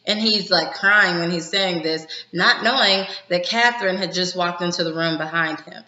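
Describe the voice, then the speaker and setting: A woman with a lowish, bright, forceful voice gives a chatty, opinionated recap of a TV episode. She is recorded in a roomy space with a slightly dull, lo-fi sound. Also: moderate pace. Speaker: TV episode reviewer. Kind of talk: casual recap chat.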